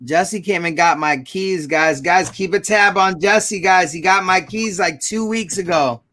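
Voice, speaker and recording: A man's voice: high voice, measured pace, pushed and bright. A man chatting casually on a live stream, telling rambling stories with restarts and repeats. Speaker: storage auction buyer and show regular.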